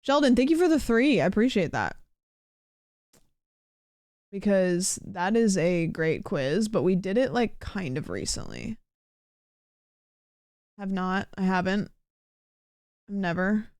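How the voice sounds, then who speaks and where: A young woman with a Pacific Northwest American accent, hosting a livestream and chatting casually with viewers. She rambles, says "like" constantly, and calls herself monotone. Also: mid-range voice, slow, pauses often, no echo, clean studio sound. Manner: chatty and rambling, heavy use of "like", self-described monotone. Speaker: livestream host.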